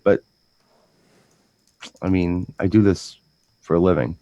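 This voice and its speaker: A man's voice: deep voice, steady tone, warm tone, dry recording, dull audio. A man who works as a DJ, talking casually in a rambling way. He repeats words as he goes and drifts into stories. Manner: rambling storyteller, repeats words, breaks into quick impressions. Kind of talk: casual chat.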